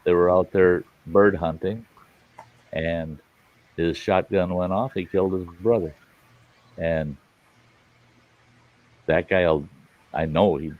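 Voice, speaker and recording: A man's voice: deep voice, steady tone, slow pace, pauses often, narrow, tinny audio. A middle-aged man hosting a live stream, telling stories in a blunt, folksy way and swearing freely. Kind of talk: casual storytelling chat. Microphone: live stream mic.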